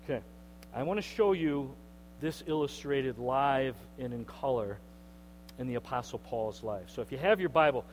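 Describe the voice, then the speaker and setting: A man preaching a sermon in an animated way, acting out the voices of the people he quotes. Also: medium pitch, moderate pace. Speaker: pastor. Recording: long hall reverb, mains hum.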